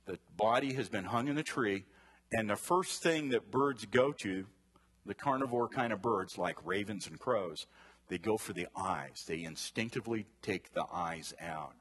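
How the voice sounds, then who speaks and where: A man with a lowish, husky voice leads a conversational Bible lesson. He talks casually with his group, tosses them questions, and wanders off into personal asides before pulling back to the text. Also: unhurried, a bit bright. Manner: chatty, asks the class questions, wanders into side stories. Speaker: Bible study teacher.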